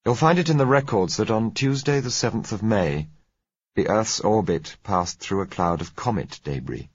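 A man narrating a story in the first person, measured and dramatic in delivery. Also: on the low side, lively intonation, slightly rough, dry recording. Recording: dry, slightly dull recording.

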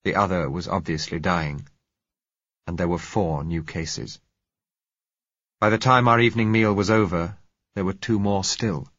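Deep, husky male audiobook narrator. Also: steady tone, a bit bright, no room sound, dull audio. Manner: measured and reflective. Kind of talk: first-person audiobook narration.

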